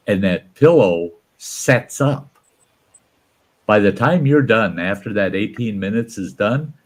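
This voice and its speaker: A man casually telling a salty, folksy story, voicing the people in it with lively shifts. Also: fairly low pitch. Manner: folksy, salty, animated when quoting others. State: undergoing cancer treatment. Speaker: channel host telling stories.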